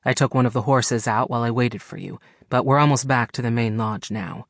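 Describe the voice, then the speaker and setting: A man doing a brisk, impatient businessman. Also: mid-range voice, no echo, clean studio sound, natural voice. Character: frustrated, businesslike man on horseback. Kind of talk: audiobook character voice.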